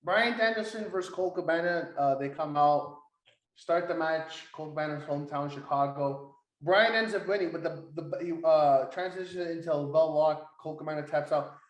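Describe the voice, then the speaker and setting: A young man co-hosting a casual wrestling podcast, excitable and swearing as he retells segments. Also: a little high, moderate pace, echoey room, low-quality recording. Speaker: podcast co-host.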